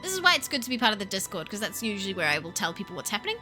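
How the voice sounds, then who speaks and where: A young woman chatting casually on a livestream, animated, laughing often and swearing. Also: medium pitch, very fast, over music. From New Zealand. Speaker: streamer.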